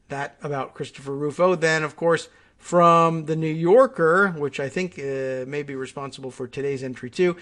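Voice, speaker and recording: A man's voice: a little high, steady tone, normal speed, fairly bright tone. A man hosting a political talk show, commenting sarcastically and thinking aloud with fillers. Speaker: podcast host.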